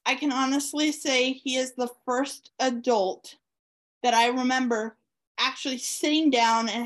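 A woman author being interviewed, telling a personal story in a warm, excited way with many fillers. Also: high-pitched. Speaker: author guest.

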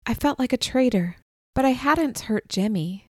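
A woman narrating a first-person audiobook in a measured, calm, deliberate way, recorded on a close studio mic. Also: sits high, no echo.

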